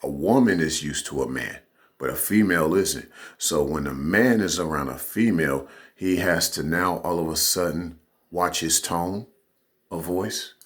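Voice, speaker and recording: A man's voice: low voice, measured pace, a bit bright. A man giving a casual, rambling opinion monologue as a vlogger, often checking in with "you know what I'm saying".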